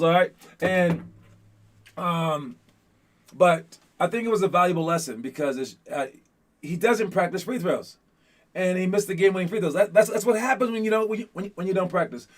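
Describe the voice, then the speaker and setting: A man with a fairly high voice coaches a group of young basketball players. He talks casually and with energy, rambling and repeating himself as he thinks aloud, and keeps checking in with "all right?". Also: lively intonation, moderate pace.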